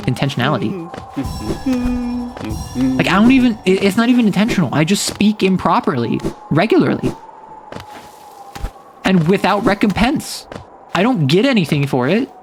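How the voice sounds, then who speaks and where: A man chatting casually while streaming a game, rambling and saying "like" often. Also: on the high side. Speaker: VTuber streamer. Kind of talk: casual gameplay stream commentary.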